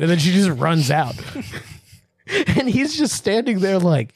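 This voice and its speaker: A man's voice: high-pitched, sing-song, a little slow, no echo, studio quality. A man co-hosting a podcast, laid-back and agreeable in casual chat about a film, swearing casually. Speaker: podcast co-host. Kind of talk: casual movie recap chat.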